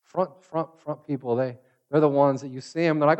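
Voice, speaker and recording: A man's voice: a little high, steady tone, moderate pace, darkish tone, muffled recording. A man preaching a sermon, telling a personal story in a conversational way and acting out the voices he quotes. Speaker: pastor.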